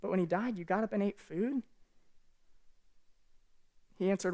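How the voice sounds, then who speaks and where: A woman's voice: medium pitch, moderate pace, long pauses, a little mellow. A woman pastor giving a sermon from a church stage, earnest and conversational, speaking candidly to the congregation.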